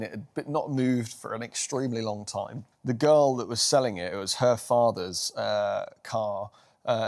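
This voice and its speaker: A man's voice: on the low side, a little mellow. A man, hosting a casual car vlog outdoors and telling the story behind the vehicle in a chatty, enthusiastic way. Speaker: car vlogger.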